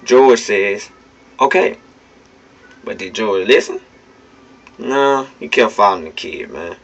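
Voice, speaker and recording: Low-voiced guy ranting blunt and straight to camera, muffled phone audio. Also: lively intonation, unhurried. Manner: blunt, emphatic, profane, talks straight to the listener. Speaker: vlogger. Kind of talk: casual spoken commentary. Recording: dull lo-fi phone recording.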